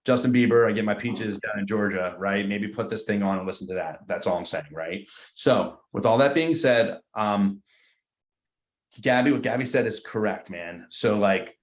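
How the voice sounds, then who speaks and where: A man's voice: lowish voice, normal speed. A man leading a live training session for his team of agents, talking casually with slang and acting out both sides of phone calls. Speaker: real estate team trainer. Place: meeting room with a group. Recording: roomy echo.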